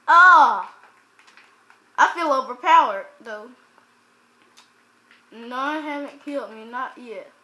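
A woman giving let's play commentary as a gaming channel host, chatting to viewers and bursting into loud exclamations. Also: high-pitched. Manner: chats directly to viewers.

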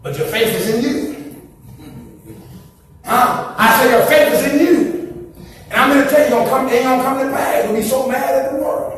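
A man preaching a sermon in a church sanctuary, repeating his lines and breaking into shouted bursts. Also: very high voice, normal speed, long pauses. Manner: repetitive, preaching with shouted bursts and "hey" calls. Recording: echoey church from a distance, faint congregation.

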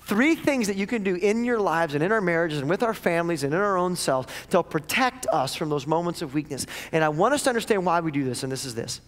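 A man preaching a sermon as lead pastor, dramatic, dropping to near-whispers then rising loud. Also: high-pitched, animated, fast, few pauses. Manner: dramatic, swings from hushed to loud. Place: church auditorium. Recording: echoey church hall.

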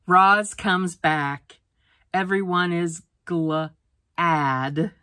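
A woman's voice: on the low side, drawn-out words, pushed and bright, no room sound. A woman teacher reading a picture book aloud for a phonics lesson, sounding out words letter by letter.

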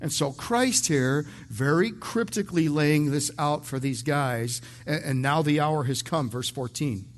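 A man's voice: a little high, a little slow, few pauses. A male pastor preaching verse by verse in a conversational way, often repeating words as he starts a sentence and slipping in light jokes. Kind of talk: verse-by-verse sermon.

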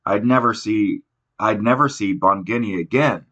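A man's voice: fairly low pitch, moderate pace, fairly bright tone, dull audio. A man reading a tearful little girl. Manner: sniffling, pleading.

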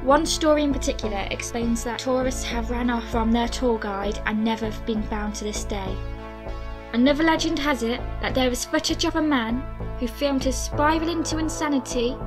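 Woman narrating scripted list video. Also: fairly high pitch. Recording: music bed underneath.

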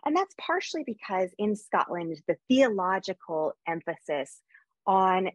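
An American woman historian giving a quick, lively academic lecture with frequent fillers over a video call. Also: medium pitch, dry recording, low-quality recording. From United States. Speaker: historian giving a conference talk.

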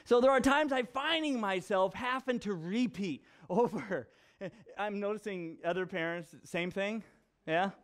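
A man who is a young father and pastor, giving a conversational sermon full of personal stories and animated repetition. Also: high voice, unhurried. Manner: animated storyteller, repeats himself for effect.

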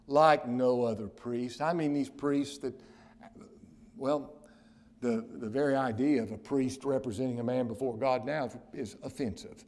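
Preaching as pastor, a man with a mid-range voice swings between loud emphatic declarations and hushed near-whispers. Key phrases get slow, heavy stress.

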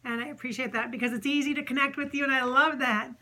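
A woman's voice: sits high, fairly even intonation, fast, sharp tone, slight background noise. A woman hosting her own channel as a medium, talking in a casual, effusive, rambling way with many fillers. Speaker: psychic medium host. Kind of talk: casual spiritual channeling monologue.

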